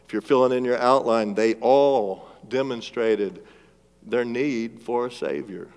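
A man preaching a sermon as pastor, swinging between loud emphatic lines and hushed, drawn-out phrases and calling for responses from the congregation. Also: on the high side. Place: church sanctuary. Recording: long reverb of a large church hall.

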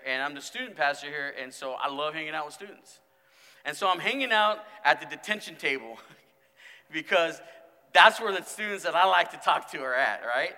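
A man who is a student pastor, preaching a sermon and acting out stories, swinging from mumbled quotes to loud exclamations. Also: on the high side. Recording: long hall reverb.

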